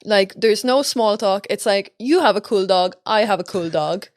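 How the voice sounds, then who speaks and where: A woman from Malta with a Maltese accent, hosting a relaxed interview and chatting easily with fillers. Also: mid-range voice, normal speed, dry recording, studio quality. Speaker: podcast host. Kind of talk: casual interview chat.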